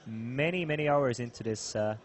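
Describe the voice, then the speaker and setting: A man commentating live poker, giving measured play-by-play and analysis. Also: medium pitch. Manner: measured play-by-play, laughs easily.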